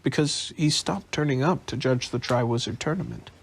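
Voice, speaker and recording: A teenage boy from a storybook speaks in a plain, direct way in a low, gravelly voice, as a man puts him on. The voice stays close to the reader's own. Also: normal speed. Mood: curious. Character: curious teenage boy wizard.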